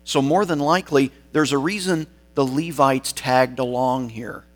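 A man's voice: mid-range voice, fairly even intonation. Male preacher, emphatic explanatory sermon delivery, faint mains hum. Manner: explanatory, emphatic, slows on key words.

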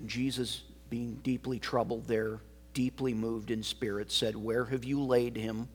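A pastor preaching a sermon, swinging from loud emphasis to hushed, almost whispered words. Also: male voice, mid-range voice, little pitch movement, unhurried, husky.

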